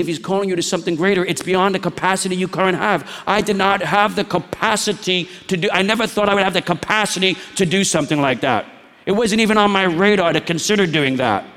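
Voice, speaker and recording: A man's voice: high-pitched, brisk. Man preaching a sermon in a reverberant hall. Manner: storytelling preacher, shifts between hushed anecdote and rising exhortation. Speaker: pastor.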